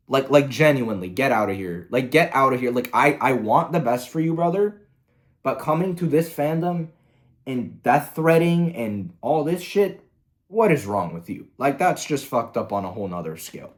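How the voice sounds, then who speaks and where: Exasperated man ranting with lively pitch. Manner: angry, profane, exasperated. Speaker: commentary host. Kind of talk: ranting commentary.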